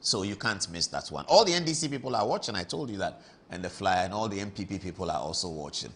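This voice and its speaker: A man with a Ghanaian accent hosting an evening TV talk show, telling stories with big swings in his voice. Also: fast talker. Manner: animated storyteller with big pitch swings. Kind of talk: chatty studio monologue. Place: TV studio.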